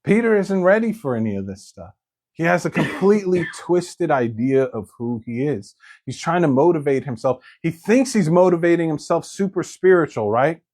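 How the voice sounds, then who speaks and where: A male pastor preaching a sermon, telling the story in an animated way and acting out the quoted lines. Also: on the high side, normal speed.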